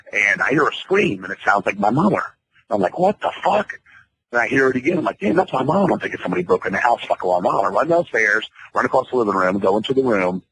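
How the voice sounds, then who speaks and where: A man with a low, bright voice tells a story at a quick clip. He rambles, curses often and acts out his own reactions. This is a casual radio interview. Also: slightly rough, low-quality recording. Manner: profane, rambling, animated. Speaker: interview guest.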